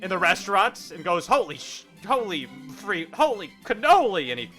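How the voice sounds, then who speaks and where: Bright-voiced man running a tabletop game. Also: high voice, normal speed, soft background music. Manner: lively, laughing storyteller. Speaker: game master. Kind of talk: narrating an improvised tabletop game.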